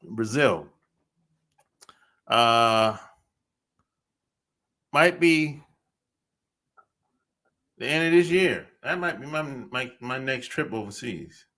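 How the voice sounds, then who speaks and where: A man's voice: medium pitch, expressive, very slow, pauses often, pushed and bright. A man hosting a podcast livestream, talking in a laid-back, slangy way and laughing often. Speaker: podcast host. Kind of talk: casual livestream chat.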